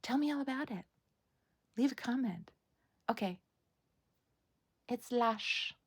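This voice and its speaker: A woman's voice: high voice, animated, normal speed, darkish tone, slightly rough. Chatty American woman vlogging. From United States. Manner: chatty and gushing, with many fillers. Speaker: vlogger reviewing TV. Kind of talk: casual chat to camera.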